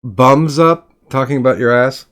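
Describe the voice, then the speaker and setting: A man's voice: mid-range voice, moderate pace, fairly bright tone. A man co-hosting a podcast, teasing and wisecracking in casual chat. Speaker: podcast co-host.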